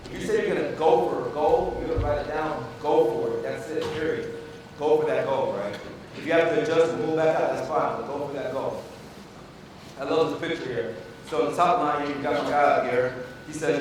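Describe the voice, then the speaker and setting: A man's voice: fairly high pitch, fast. A man, a physician, giving a motivational speech to students, with repeated emphatic phrases and questions thrown out to the audience. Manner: call-and-response with the audience, repetitive and emphatic. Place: large hall with a PA system. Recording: echoey hall, distant from the mic, noisy.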